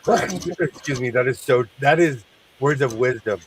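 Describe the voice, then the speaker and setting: A man's voice: medium pitch, a little slow, recorded from a distance, a little hiss or hum, low-quality recording. A man hosting a sewing livestream, congested from sinus trouble, chatting in a rambling way and laughing often. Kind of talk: casual chat while sewing.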